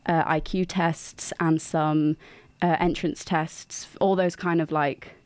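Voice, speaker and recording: Young woman from England, co-host; lowish, chatty explainer, dry close mic. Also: flat delivery, slow pace, a little mellow, no room sound. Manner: chatty, lots of "like" fillers, laughs easily. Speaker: co-host of a radio show. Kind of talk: casual radio chat explaining psychology.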